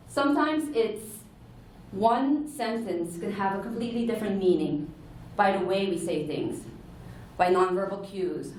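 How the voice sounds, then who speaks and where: A woman's voice: mid-range voice, a little mellow, far from the mic, slight background noise. Woman giving a talk in an echoey hall. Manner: earnest, explanatory, with self-corrections. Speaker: conference speaker. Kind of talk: conference talk. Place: large conference hall. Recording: echoey hall, heard from afar.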